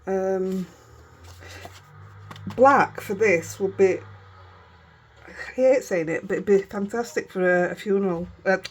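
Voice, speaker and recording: A woman's voice: medium pitch, slow pace, long pauses. Yorkshire woman, craft vlogger, casual rambling chat, breaks off and restarts often. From Yorkshire, England. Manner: chatty, rambling, self-interrupting.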